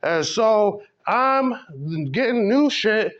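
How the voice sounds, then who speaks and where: A man's voice: high voice, animated, slow pace, fairly bright tone. Profane young man doing stand-up, lo-fi. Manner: profane, rambling with constant fillers. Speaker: stand-up comedian. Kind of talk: stand-up set at an open mic. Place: small comedy venue. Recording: dull lo-fi club recording.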